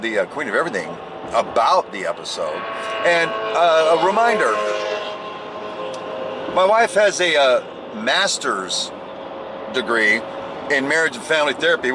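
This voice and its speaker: A man's voice: medium pitch, background noise. A man chatting casually to a camera in his car while driving, joking around and ranting about his work day. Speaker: construction boss. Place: inside a car on the road.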